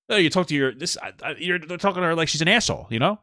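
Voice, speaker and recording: A man's voice: on the high side, animated, racing, hardly any pauses, bright, forceful tone, no echo, studio quality. A man in his thirties with a New York accent, co-hosting a casual podcast chat, profane and self-deprecating. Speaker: podcast co-host.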